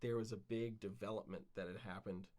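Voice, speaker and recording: A man's voice: lowish voice, steady tone, a little fast, a little mellow. A man co-hosting a podcast, casually telling a long story with lots of fillers and swearing. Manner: rambling, frequent fillers and swearing. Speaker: podcast co-host.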